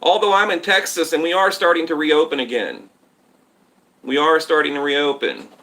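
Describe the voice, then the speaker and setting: A boxing channel host live streams from home in Texas with a slightly high, sharp voice at normal speed. He rambles casually and addresses viewers directly, reading their comments from a tablet.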